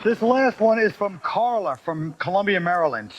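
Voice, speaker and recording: A man's voice: sits high, animated, moderate pace, hardly any pauses, fairly bright tone, a little hiss or hum. A man hosting a comic panel show, reading viewer letters aloud and answering them with sarcastic jokes. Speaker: talk show host. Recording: dull lo-fi TV recording.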